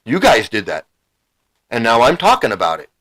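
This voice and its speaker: A man's voice: mid-range voice, wildly swooping pitch, normal speed, a bit bright, poor audio. Heated middle-aged man ranting. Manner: heated and emotional, repeating himself, swearing. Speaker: channel host. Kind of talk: angry livestream rant.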